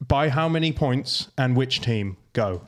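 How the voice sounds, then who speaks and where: A man's voice: medium pitch, expressive, a little slow. A British man hosting a golf podcast, chatting casually with dry quips. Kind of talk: casual chat.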